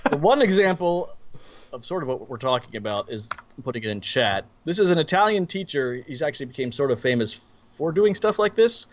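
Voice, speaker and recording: A man's voice: a little high, lively intonation, brisk, highs cut off, a little hiss or hum. A man co-hosting a live-streamed movie review podcast in casual chat, easygoing and a bit distracted as he looks things up while talking. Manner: easygoing and distracted, searching online mid-talk. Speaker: podcast co-host.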